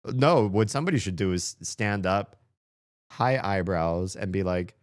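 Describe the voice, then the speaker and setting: Low-voiced, playful male game streamer. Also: a little slow, no echo, studio quality. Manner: playful, chatty, laughs often. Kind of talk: casual game commentary.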